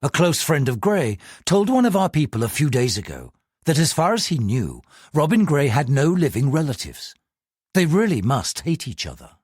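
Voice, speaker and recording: A man as a measured, secretive police chief. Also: a little high, very animated, darkish tone, husky, no room sound, studio quality. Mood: deferential. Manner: measured, deferential reporting. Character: cautious male police chief, calm, secretive.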